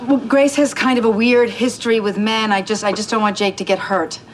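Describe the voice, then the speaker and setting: A woman's voice: medium pitch, fairly even intonation, fairly quick, close to an everyday voice. A woman playing a hesitant, hedging sister. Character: warm, evasive woman, the sister's sibling. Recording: noisy TV sitcom audio.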